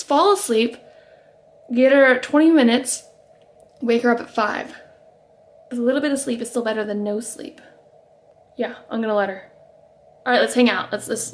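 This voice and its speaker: A woman's voice: a little high, a little hiss or hum. A young woman chatting to her camera as she walks around her house, rambling and laughing often. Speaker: vlogger. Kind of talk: casual chat to camera. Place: at home, walking around the house.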